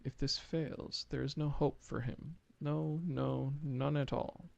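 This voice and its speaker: A man putting on a gravelly, fretful little kobold alchemist. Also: medium pitch, steady tone, slow pace, a little mellow, no echo, dull audio. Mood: pleading. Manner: theatrical, repeating itself in strings of synonyms and 'yes, yes'. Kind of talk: reading game dialogue aloud.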